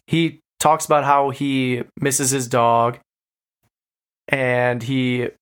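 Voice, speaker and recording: A man on a podcast, casually retelling a video's plot with lots of fillers and animated quoted lines. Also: medium pitch, extremely slow, clear, resonant tone. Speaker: podcast co-host. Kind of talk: casual chat.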